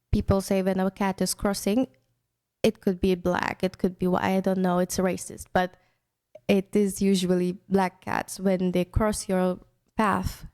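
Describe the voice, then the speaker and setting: Chatty young woman from India, mellow. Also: medium pitch. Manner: chatty, storytelling, frequent restarts. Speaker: radio show host. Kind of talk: casual personal radio talk.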